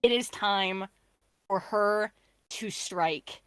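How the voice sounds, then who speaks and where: A woman's voice: medium pitch, very slow, fairly bright tone, clean tone, dry recording. A woman playing a tabletop game, describing her character's actions in a rambling way full of fillers. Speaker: player. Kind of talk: casual tabletop game play.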